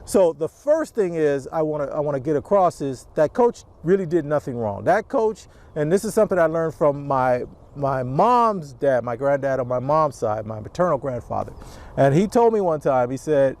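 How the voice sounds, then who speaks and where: A man's voice: a little high, very animated, moderate pace, a little mellow. A middle-aged man hosting a casual vlog, talking to camera outdoors in a rambling way with lots of restarts. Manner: rambling, restarts, acts out quotes. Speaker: channel host, youth sports business owner.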